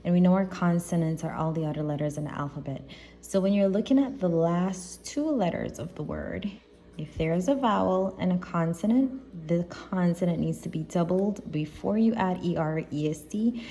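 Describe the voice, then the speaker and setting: A woman teacher giving a recorded grammar lesson, explaining patiently and deliberately and checking in with her students. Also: fairly low pitch, mellow.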